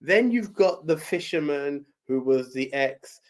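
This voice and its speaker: A man, co-hosting a podcast and rambling about a film with halting restarts. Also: fairly high pitch, expressive. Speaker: podcast co-host. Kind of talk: casual chat, film review.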